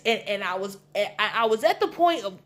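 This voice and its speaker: A woman telling a personal story in a casual storytime, animated and blunt, swearing freely. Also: medium pitch, moderate pace.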